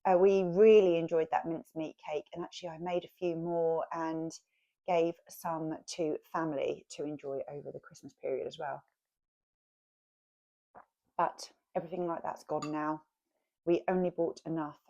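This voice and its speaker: A woman's voice: deep voice, level tone, moderate pace, warm tone, dull audio. Woman vlogging in her kitchen, chatty and homely, laughs a lot. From England. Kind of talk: casual chat while cooking.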